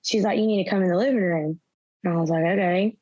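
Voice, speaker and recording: A young woman, a guest in an interview, retelling events through quoted dialogue in a soft, halting way with fillers. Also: lowish voice, no echo. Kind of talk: personal storytelling in an interview. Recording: slightly dull, dry sound.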